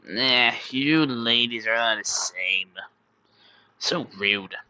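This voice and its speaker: A man's voice: medium pitch, slow pace, pushed and bright, smooth, no room sound, pitched below the performer's own voice. A man voicing a sarcastic, grumbling male diner waiter with a sulky drawl.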